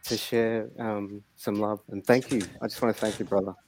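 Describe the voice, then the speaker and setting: A man's voice: lowish voice, level tone, moderate pace, darkish tone, low-quality recording. A man from Australia with an Australian accent, calling in to a chat show and talking in a joking, heartfelt way. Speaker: caller. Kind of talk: casual call-in chat.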